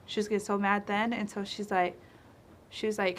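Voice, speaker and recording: Brief: woman storyteller, middle pitch, casual asides, traditional tale in a library. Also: moderate pace, slight background noise. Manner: relaxed, chatty telling with asides.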